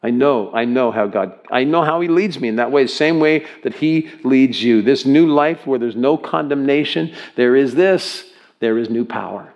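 A middle-aged pastor preaching a sermon with lively rises and soft, prayerful drops. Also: male voice, mid-range voice, normal speed, dull audio.

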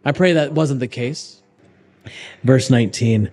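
A young adult man preaching a sermon, conversational and animated, swinging between raised urgency and hushed asides. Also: medium pitch, measured pace. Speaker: pastor.

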